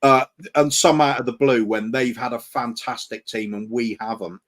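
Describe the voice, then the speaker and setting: A man with an ordinary mid-pitched voice, co-hosting a casual stream. He rambles reflectively, restarting sentences often. His talk is loose and conversational. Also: steady tone, normal speed. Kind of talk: casual chat on a live stream.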